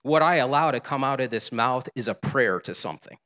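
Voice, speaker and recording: A man's voice: mid-range voice, expressive, a little fast, a bit bright. A male pastor preaching a sermon in a conversational, humorous way in a church sanctuary. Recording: long reverb of a large hall.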